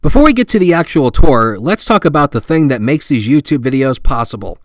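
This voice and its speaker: A man hosting his tech channel, giving a relaxed, self-deprecating tour of his computer setup with plenty of fillers. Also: fairly high pitch, a little fast, dry recording. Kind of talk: casual tour vlog with voice-over.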